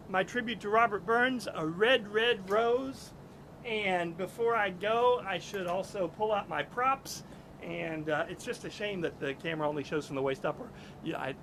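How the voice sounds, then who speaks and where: A man's voice: a little high, vocal fry. A man hosting a daily live stream from a rooftop, chatting casually and self-deprecatingly with frequent hesitations. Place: rooftop outdoors. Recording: outdoor stream with traffic noise.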